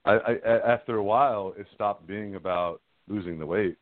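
Middle-aged guy calling in, lowish voice, rambling and frank, tinny dry phone sound. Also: moderate pace, no echo. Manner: rambling, frank, laughs at himself. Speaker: guest caller. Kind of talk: candid personal storytelling.

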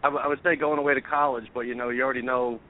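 A man's voice: medium pitch, fairly even intonation, racing. A man who is a guest chef on a casual podcast, telling his stories candidly, stumbling and restarting and swearing freely. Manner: candid, profane storyteller with frequent restarts. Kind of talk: casual chat. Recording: tinny phone-like sound.

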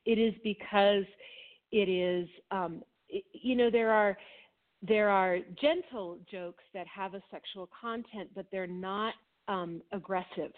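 A woman from Minnesota in a reflective podcast conversation, thinking aloud and often restarting her sentences. Her voice sits at an ordinary middle pitch. The audio is thin and narrow, like a phone line. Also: steady tone, unhurried. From Minnesota, USA. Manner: thoughtful, trails off and restarts while thinking aloud. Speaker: podcast co-host.

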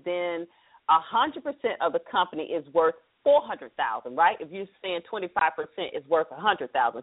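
A woman hosting a talk radio show, chatty and upbeat, explaining things to her listeners. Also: on the low side. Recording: tinny phone-line broadcast.

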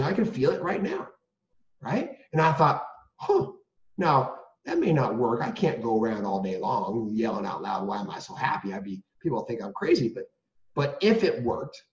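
A middle-aged man, a guest, telling his own story in an earnest and animated way, full of restarts and rhetorical questions. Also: medium pitch. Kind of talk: candid storytelling. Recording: roomy, dull lo-fi sound.

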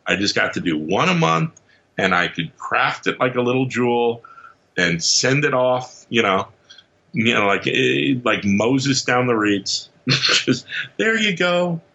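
A man guest on a podcast, telling stories in an animated, casual way, acting out quotes and laughing often. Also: medium pitch, a little slow, vocal fry, dull audio. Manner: lively storyteller who acts out quotes and laughs often. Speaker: podcast guest, comics writer.

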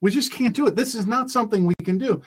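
A man's voice: high-pitched, quick pace, breathy edge. A man hosting a radio call-in show, ranting emphatically and repeating his points. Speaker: talk radio host. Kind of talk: opinionated radio monologue.

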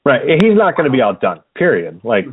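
A man's voice: medium pitch, wildly swooping pitch, fairly quick, breathy edge. A man co-hosting a podcast in casual chat, easygoing and hesitant, with many filler words. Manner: hesitant, lots of ums, easygoing. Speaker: podcast co-host. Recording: dry, phone-like narrow sound.

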